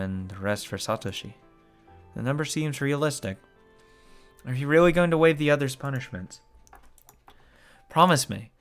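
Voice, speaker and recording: A man's voice: medium pitch, a bit bright. A man reading a visual novel aloud as a let's play host, breaking off into shocked cursing and groans. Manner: shocked cursing and groaning between read lines.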